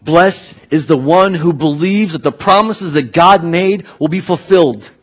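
Brief: male pastor, husky voice, conversational sermon with sudden loud bursts. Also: a little high, measured pace. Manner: casual, animated preaching with restarts and bursts of shouting.

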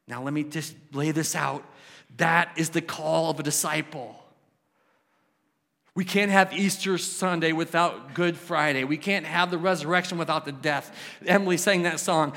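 A male pastor with a rather high voice preaches a passionate sermon at a slightly slow pace. His delivery swings between loud exclamations and near-hushed questions, and a long hall reverb trails after every phrase.

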